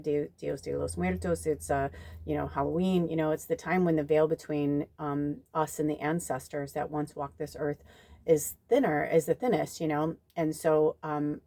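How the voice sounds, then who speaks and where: A young woman, a psychic medium doing a casual tarot reading for viewers, tells a personal story in a low, mellow voice, recorded dry and close. Near tears and emotional, she swears freely and brings others' quotes to life with lively voices.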